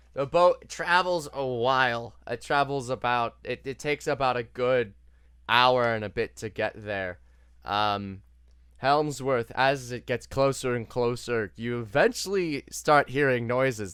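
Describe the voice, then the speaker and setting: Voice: medium pitch, a bit bright, smooth, no echo, clean studio sound. A game master narrating a tabletop game over a voice call, casual and hesitant with many fillers. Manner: hesitant, lots of uh and restarts, casual. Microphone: desk mic on a voice call.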